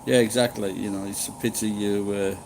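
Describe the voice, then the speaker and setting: A man's voice: fairly low pitch, flat delivery, fairly quick, vocal fry, background noise. Rambling middle-aged man streaming live. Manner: rambling, chatty, swears casually. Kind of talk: casual live-stream chat with viewers. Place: living in Japan.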